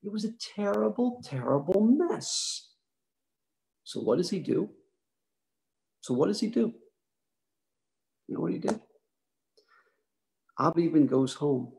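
A man, a rabbi, giving a history lecture with animated storytelling, emphatic and asking the audience questions. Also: a little high, unhurried, creaky, long pauses, low-quality recording.

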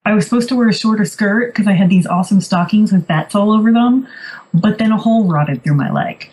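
A woman's voice: medium pitch, fairly quick, darkish tone, poor audio. A woman co-hosting a podcast, telling stories in a chatty, wry, casual way. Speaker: podcast co-host. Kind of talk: casual chat.

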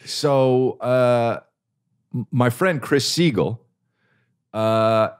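A young man hosting a podcast, telling a story in casual chat, swearing and rambling with restarts and high-pitched quoted voices. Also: drawn-out words, smooth. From New Jersey. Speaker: podcast host.

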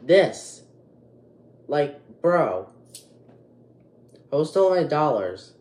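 A man's voice: a little high, big pitch swings, extremely slow, darkish tone, reverberant. A twelve-year-old boy hosting a casual vlog, agitated and rambling with many restarts. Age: 12 years old. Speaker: youtube channel host.

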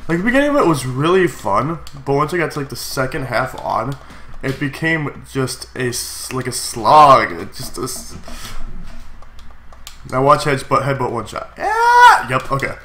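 A young man with a stuffy, congested cold voice gives chatty, excitable commentary while playing a game, with sudden yelps. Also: medium pitch, slight background noise. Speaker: gaming YouTuber. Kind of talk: casual Let's Play commentary.

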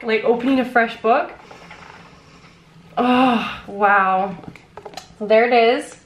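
A young adult woman vlogging as an author, gushing and breathless with excitement as she talks and reads aloud. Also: fairly high pitch, slow, pauses often, a little hiss or hum. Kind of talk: excited vlog unboxing and reading aloud.

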